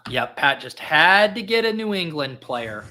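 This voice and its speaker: Man, podcast host, bright tense voice, casual draft chat, quick lists of names. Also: a little high, big pitch swings. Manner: rattles off lists of names and numbers, jokey storyteller.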